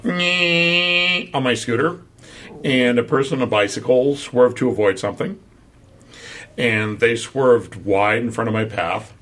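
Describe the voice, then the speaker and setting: A man on a casual podcast telling a story and swinging his voice up high to mimic other people. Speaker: podcast co-host. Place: San Francisco area.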